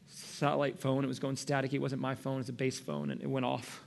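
Middle-aged male preacher, passionate sermon delivery with sudden hushed passages. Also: mid-range voice, level tone, fairly quick, gravelly, a little hiss or hum. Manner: impassioned, swings from loud to hushed whispers. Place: church.

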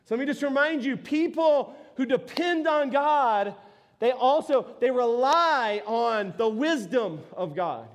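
A man preaching a sermon in an unusually high voice for a man. He talks animatedly, with quick restarts and joking asides to the congregation. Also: lively intonation. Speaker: pastor.

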